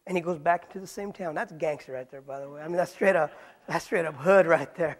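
A man's voice: fairly high pitch, fast. A man preaching in a Bible study sermon, asking rhetorical questions and using casual street slang. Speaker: pastor.

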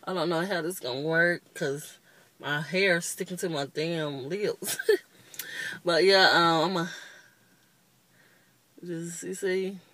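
A woman's voice: fairly low pitch, takes it slowly, pauses often, fairly bright tone, no echo. A woman in her twenties giving a casual, rambling makeup review, openly annoyed and chatty. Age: 20s. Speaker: beauty vlogger.

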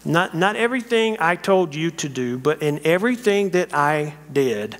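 Animated male guest preacher. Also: on the high side, normal speed, few pauses, in a large hall. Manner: animated storytelling, acts out scenes. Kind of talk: sermon. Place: church sanctuary.

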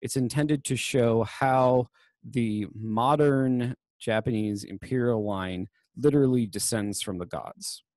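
A man's voice: medium pitch, slow, darkish tone, dry recording. A young man giving a casual university lecture on literature, chatty and full of fillers and self-corrections.

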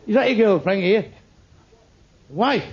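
A man's voice: high voice, animated, unhurried. A man from England doing live stand-up, swearing crudely and insulting people in the audience. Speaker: stand-up comedian. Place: comedy club before a live audience. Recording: dull echoey live club recording with crowd laughter.

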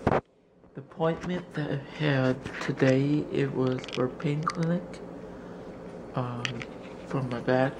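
A man vlogging casually from his home, talking to his camera and coaxing his dog in a high, playful voice between rambling updates. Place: home indoors. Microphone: handheld camera. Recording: noisy home camera audio.

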